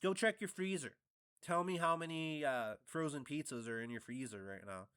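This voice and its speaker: A man's voice: a little high, moderate pace, fairly bright tone, clean tone, dry recording, clean studio sound. A man from Canada hosting his own vlog, talking in a blunt, provocative, jokey ramble with plenty of swearing. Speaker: vlog host. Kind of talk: casual rambling monologue. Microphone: upgraded studio mic.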